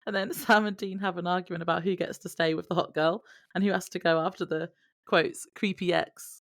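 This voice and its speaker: A woman's voice: on the low side, fairly even intonation, quick pace, no room sound, clean studio sound. A woman co-hosting a casual podcast, laughing often as she recaps scenes. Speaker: podcast co-host. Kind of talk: casual chat recapping a TV episode.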